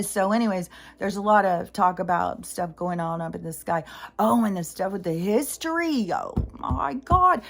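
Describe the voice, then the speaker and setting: A middle-aged woman talking in a casual, rambling vlog monologue, jumping between tangents with lots of fillers. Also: medium pitch. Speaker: spiritual vlogger.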